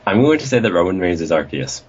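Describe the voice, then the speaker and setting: A man's voice: deep voice, sing-song, quick pace, slightly rough. A young man co-hosting a casual wrestling review podcast, rambling and joking with plenty of swearing. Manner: rambling, jokey, profane. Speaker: podcast co-host. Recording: dull lo-fi recording.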